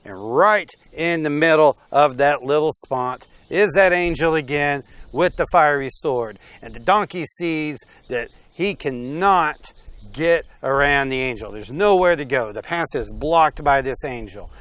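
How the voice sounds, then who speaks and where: A man telling a Bible story in a relaxed, conversational way. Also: on the high side, measured pace, dry recording.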